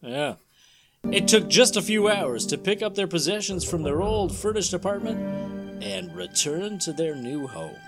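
A man's voice: high voice, animated, normal speed, vocal fry, music in the background. A man hosting and narrating a vintage horror comic aloud, with chatty, chuckling asides. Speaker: host and narrator.

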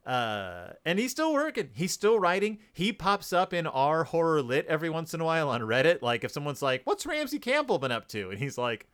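A man co-hosting a casual podcast about a book, talking in an animated, joking way and putting on quick voices for quotes. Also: on the high side, clean tone. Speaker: podcast co-host.

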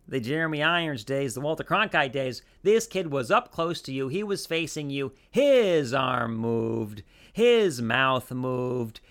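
A man's voice: medium pitch, fairly bright tone. A man hosting a podcast, talking in a casual, rambling way with lots of restarts and asides. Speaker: podcast host.

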